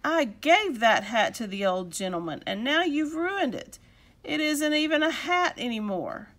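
A woman's voice: fairly high pitch, expressive, measured pace, fairly bright tone. A woman voicing a kindly, fussy old man in a storybook read-aloud. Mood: angry. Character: kindly old man fretting over his hat.

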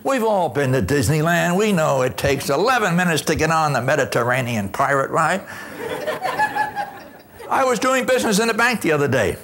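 An older man giving a motivational talk on customer service, an animated storyteller who acts out his anecdotes with punch before a live audience. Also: a little high, normal speed.

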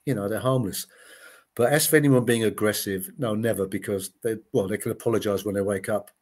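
A man's voice: fairly low pitch, fairly even intonation, fairly quick, a little mellow. Chatty man in his sixties telling stories. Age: 60s. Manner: chatty anecdotes, acts out quoted voices, frequent "you know". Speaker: interviewee, former TV gladiator. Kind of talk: casual interview storytelling.

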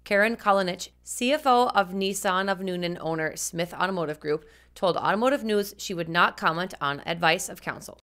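A woman's voice: lowish voice, normal speed, hardly any pauses, fairly bright tone. A woman co-hosting a scripted consumer news commentary, speaking directly and earnestly to viewers. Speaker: co-host.

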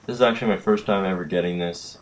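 Late at night, a tired, tipsy young man rambles through casual game commentary in a low voice at a quick pace, trailing off and yawning. A built-in computer mic adds faint hiss, and game gunfire sounds in the background.

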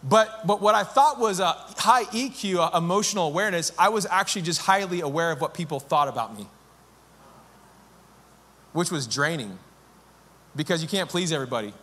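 Bright-toned man preaching a casual sermon. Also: high voice, fairly quick, long pauses, breathy edge. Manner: conversational, self-deprecating, animated. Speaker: pastor.

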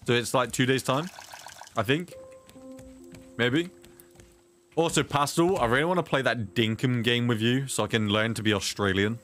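A man's voice: medium pitch, a bit bright. A young British man streaming a survival game, reading chat aloud and cursing at what happens on screen. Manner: swears often, reads chat aloud, blurts reactions. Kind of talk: casual gameplay chat.

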